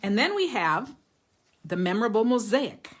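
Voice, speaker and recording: A woman's voice: a little high, big pitch swings, moderate pace. A woman hosting a live craft stream, chatting casually with viewers, showing greeting cards, laughing often and reading comments aloud. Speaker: card-making livestream host.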